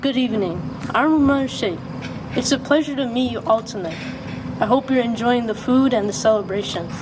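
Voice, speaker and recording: A young woman in her late teens giving a prepared speech as a student speaker, polite and measured. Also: fairly high pitch. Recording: noisy recording.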